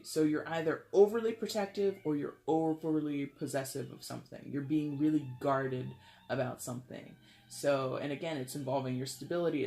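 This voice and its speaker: A tarot reader giving a casual, chatty reading, animated and jokey. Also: medium pitch.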